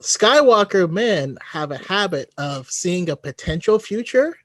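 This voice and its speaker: A podcast co-host lays out a point in a measured, emphatic way. The mid-pitched voice is recorded close and dry, with no room around it. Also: big pitch swings, no echo. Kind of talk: casual fan discussion.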